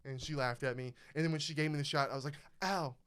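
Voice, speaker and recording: A young man hosting a podcast, telling a story in casual chat, animated and profane, acting out the people he quotes. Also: medium pitch, very fast, clean tone. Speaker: podcast host.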